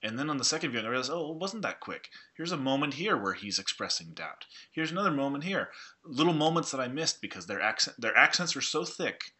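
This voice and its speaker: A man's voice: mid-range voice, very animated, quick pace, bright, forceful tone, slightly rough. A man in a casual film conversation, explaining his points earnestly and carefully.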